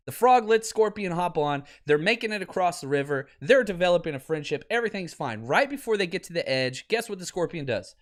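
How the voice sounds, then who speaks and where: Exasperated man ranting with lively swings. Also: high-pitched, brisk, hardly any pauses. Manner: animated, exasperated, swinging from shouting to muttering. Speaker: podcast host. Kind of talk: sports talk rant. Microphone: close desk mic.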